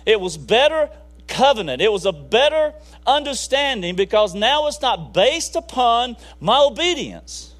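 A high-voiced man delivers a folksy sermon in a conversational tone, with sudden bursts of emphasis. He sounds like a preacher talking to his congregation. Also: sing-song, a little slow, a bit bright.

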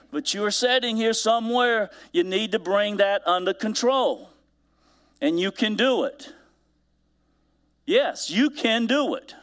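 A male pastor preaching a sermon, animated, swinging between loud emphasis and hushed asides. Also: high-pitched.

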